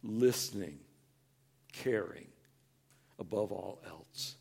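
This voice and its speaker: A man preaching a sermon as a pastor, earnest and conversational. He acts out people's words in a higher, louder tone and goes soft on tender points. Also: slow, creaky, breathy edge. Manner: animated, acts out quoted voices in a higher, louder tone.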